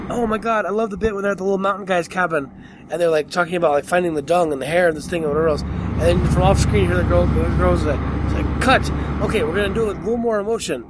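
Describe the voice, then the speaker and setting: A slightly high-voiced man talks quickly in a casual podcast chat, stumbling over fillers and restarts. He sounds amused, and faint vehicle noise hums behind him. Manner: halting, filler-heavy, amused. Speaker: podcast co-host. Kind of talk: casual chat about a film.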